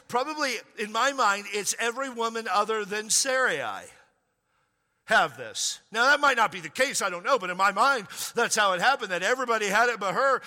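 A male preacher tells a story with animated, humorous energy, his voice bright and fairly high. A long reverb trails his words through a large hall. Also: a little fast. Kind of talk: sermon. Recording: echoey hall.

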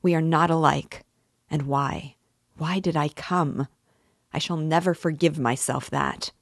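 A woman reading aloud the lines of an anguished young man confessing a crime, slow and earnest, rising to despairing cries. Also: deep voice, no room sound, clean studio sound. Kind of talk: audiobook reading.

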